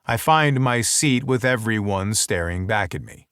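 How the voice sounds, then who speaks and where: A man with a fairly low voice reads a first-person romance audiobook, close to a studio mic in a dry, dead room. His delivery is wry and intimate, like private inner monologue. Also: animated, unhurried, fairly bright tone, clean tone, no room sound. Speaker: audiobook narrator.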